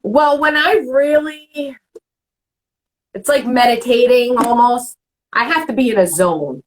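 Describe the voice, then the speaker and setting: A woman's voice: a little high, measured pace, rough recording. Candid rambling woman host. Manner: candid, rambling, acts out quoted remarks. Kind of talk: casual chat.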